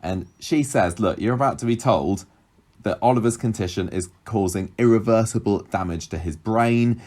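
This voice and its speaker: A man's voice: fairly low pitch, normal speed, a little mellow. A man co-hosting a podcast, recapping a soap in casual chat and acting out the characters' lines. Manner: chatty, acts out characters' lines with laughs. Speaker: podcast co-host.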